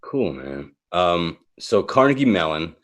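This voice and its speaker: Animated, laughing New York man. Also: deep voice, measured pace. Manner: animated, laughs often, jumps into quoted voices. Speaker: podcast host. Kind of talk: casual storytelling chat.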